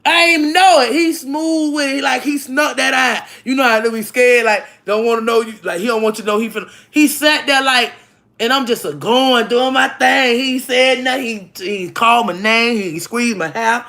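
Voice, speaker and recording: A woman's voice: a little high, fairly bright tone. A woman telling stories in a casual vlog from home, laughing often and talking bluntly with many restarts. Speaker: vlogger. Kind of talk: casual storytelling chat. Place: home, indoors.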